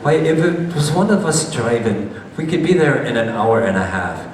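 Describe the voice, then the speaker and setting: A man putting on a Scottish accent to voice an old bearded highlander who speaks in a knowing, storytelling way. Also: animated, moderate pace, natural voice. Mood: amused. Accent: put-on Scottish. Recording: echoey hall, voice from far off.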